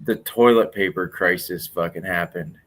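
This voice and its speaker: A man's voice: low voice, normal speed. A man in casual podcast chat, ranting and swearing about work and coworkers.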